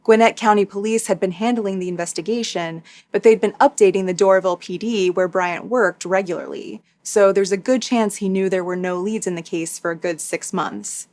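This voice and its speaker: A woman hosting a true crime recap, reading a scripted narration in a steady, matter-of-fact way with dry asides. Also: medium pitch, fairly quick, hardly any pauses. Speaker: true crime YouTuber host.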